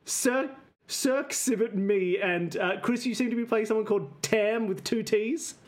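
A man's voice: sits high, moderate pace. A man running a tabletop game over a video call, playful and laughing often. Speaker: game master.

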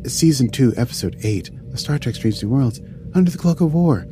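A man's voice: medium pitch, lively intonation, brisk, music in the background. A man co-hosting a casual podcast and recapping an episode, joking around and slipping in and out of playful put-on voices. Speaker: podcast co-host.

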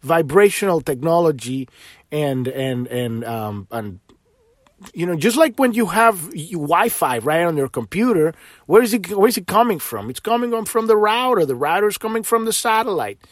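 A man with a somewhat high voice delivers a casual podcast monologue. He rambles with fervor, stumbling over restarts and swearing when he gets heated. The sound is dry, with no room echo. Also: sing-song, moderate pace. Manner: rambling and impassioned, with frequent restarts; swears freely when worked up. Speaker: podcast host.

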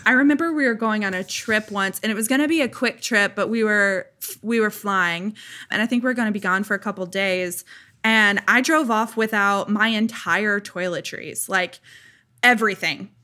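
A woman hosts a casual podcast conversation, telling her stories with animated energy and frequent laughter. Her voice sits at an ordinary middle pitch and sounds bright. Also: moderate pace. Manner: animated storytelling, laughing often. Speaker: podcast host.

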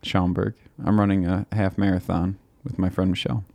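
Deep-voiced midwest guy hosting a podcast, chill and rambly, laughs a lot, dry close mic. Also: level tone, a little fast, vocal fry, darkish tone, no room sound. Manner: laid-back, laughs often, rambling asides. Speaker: podcast host. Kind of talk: casual podcast chat.

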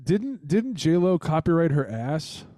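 A man's voice: fairly high pitch, very animated, unhurried, dark tone, no room sound, studio quality. A man hosting a podcast who rambles along casually and swears while mocking someone. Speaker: podcast host.

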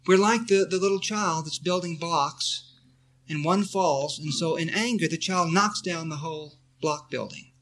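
A man's voice: fairly high pitch, normal speed, a bit bright. Earnest man giving a spiritual talk. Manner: earnest, repetitive, leads listeners in affirmations. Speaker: spiritual teacher. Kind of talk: spiritual talk answering a question.

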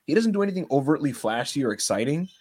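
A man co-hosting a casual wrestling podcast, joking, animated and laughing often. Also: a little high, fast talker. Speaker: podcast co-host.

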